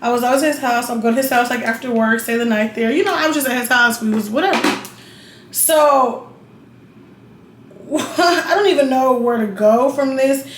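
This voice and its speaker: A woman's voice: on the high side, normal speed. Blunt, chatty young woman. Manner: blunt, profane, chatty, keeps checking in with the viewer. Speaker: vlogger. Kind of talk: casual storytelling while getting ready. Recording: roomy echo with faint noise.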